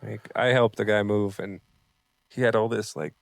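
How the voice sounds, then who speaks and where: A man's voice: fairly low pitch, fairly even intonation, normal speed, gravelly, no echo. A man co-hosting a casual podcast, laid-back and chiming in with short replies. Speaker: podcast co-host.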